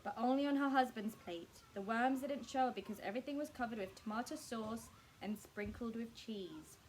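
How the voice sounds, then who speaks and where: A woman reading a children's book aloud in a staff room, expressive and speaking directly to her young listeners. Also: a little high, moderate pace, a little hiss or hum, poor audio. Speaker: storyteller.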